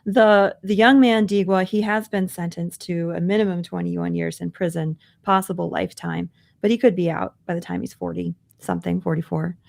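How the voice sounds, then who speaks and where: A woman's voice: lowish voice, fairly even intonation, moderate pace, creaky, a little mellow. A woman co-hosting a podcast, earnestly recounting a news story in conversational commentary. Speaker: podcast co-host.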